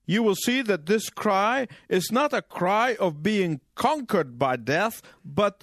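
A man preaching a sermon in measured, emphatic phrases, pausing for his interpreter. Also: high-pitched, lively intonation, a bit bright, no echo, clean studio sound.

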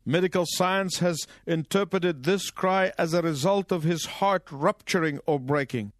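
A man preaching a sermon in measured, emphatic phrases, pausing for his interpreter. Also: a little high, no echo, studio quality.

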